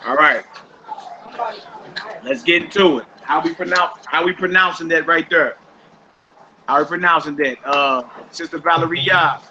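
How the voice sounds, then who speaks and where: A man's voice: a little high, a little slow, long pauses, pushed and bright. Man teaching a class, muffled recording. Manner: casual, uses y'all, drills words by repeating them. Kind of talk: classroom language lesson. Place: classroom with a group of students. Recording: muffled recording with background noise.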